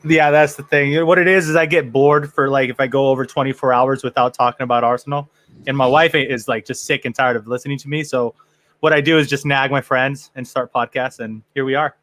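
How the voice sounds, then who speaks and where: A man's voice: mid-range voice, fairly even intonation, brisk, fairly bright tone. A man hosting a casual fan podcast, joking and rambling with frequent restarts. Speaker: podcast host. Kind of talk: casual chat.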